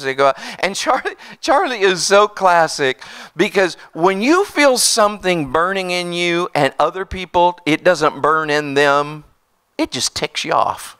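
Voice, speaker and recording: A man preaching in a church with a high, bright, ringing voice. He tells animated stories and keeps calling out to the congregation as he goes. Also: smooth. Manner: animated storytelling with call-outs to the congregation. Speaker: pastor. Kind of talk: sermon.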